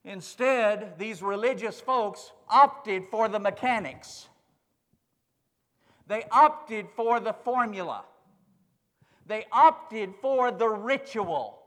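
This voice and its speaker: A man's voice: sits high, expressive, takes it slowly, a bit bright, big-room sound. A male pastor preaching a sermon emphatically, building through repeated phrases.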